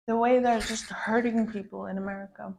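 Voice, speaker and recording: A woman's voice: medium pitch, fairly even intonation, fairly quick, vocal fry, a little mellow, slight background noise. A woman content creator venting in a POV girlfriend role-play, swearing often and calling the listener babe. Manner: profane, ranting, calls the listener babe.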